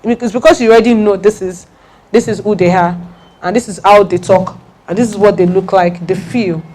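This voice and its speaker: An emphatic woman speaks to a room of listeners in a lively talk. She presses her points home by saying them again and again, and she checks that the audience is following her. Her voice sits at an everyday middle pitch. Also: normal speed. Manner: emphatic, repeats key points, laughs and jokes with the audience. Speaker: speaker giving a talk on personal branding.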